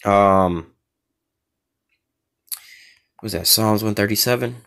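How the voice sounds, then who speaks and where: A man with a somewhat low voice leads an informal scripture lesson. He reads verses aloud in an unhurried way, then explains them in blunt, casual street talk. His delivery is full of fillers and checks in with the listener again and again. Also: vocal fry, a bit bright, clean tone. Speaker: scripture teacher.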